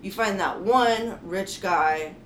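A young woman co-hosts a casual book chat at a mid pitch, emphatic and full of "like" and "I mean." Her voice rings in a roomy echo over a faint hiss. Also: slow. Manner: chatty, emphatic, many fillers. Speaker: podcast co-host.

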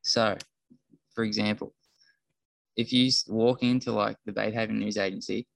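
Gravelly low man. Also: flat delivery, moderate pace, no room sound. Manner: playful quiz-master, teasing. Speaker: podcast co-host. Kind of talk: casual chat.

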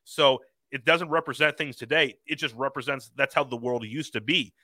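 Young guy on a podcast, bright edgy voice, lots of um and like. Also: mid-range voice, fairly even intonation, no room sound. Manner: halting, many "um" and "like" restarts. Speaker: podcast guest, hip hop artist. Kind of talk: casual podcast chat.

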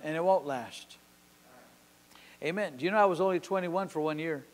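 A man in his sixties preaching a sermon at a church service. He tells a story with passion, swinging from sudden loud peaks to quiet drops. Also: on the high side, normal speed. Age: 60s. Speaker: pastor. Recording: long hall reverb.

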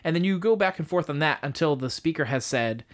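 A man's voice: on the high side, animated, brisk. A man teaching a communication method on a podcast, explaining step by step with a bit of self-deprecating humor.

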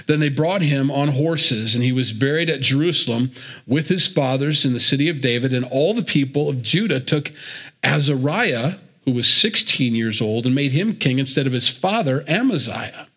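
Male Bible teacher, mid-pitched, casual and digressive, stumbles and repeats as he talks. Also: animated, moderate pace, fairly bright tone, husky. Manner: chatty and digressive, with repeats and chuckles.

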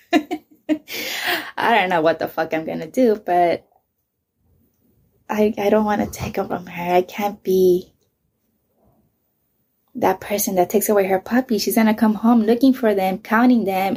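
A woman's voice: medium pitch, measured pace, gravelly, long pauses, darkish tone, slightly rough. A woman in her thirties, speaking bluntly and with lots of swearing, who often drops to a whisper while telling her story. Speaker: vlogger. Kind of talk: casual storytelling.

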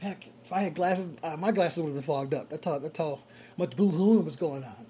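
A rideshare driver recounts a story from his shift in a loose, casual manner, animated and chuckling often. His voice is mellow and warm, fairly high-pitched and breathy, and he talks fairly quickly.

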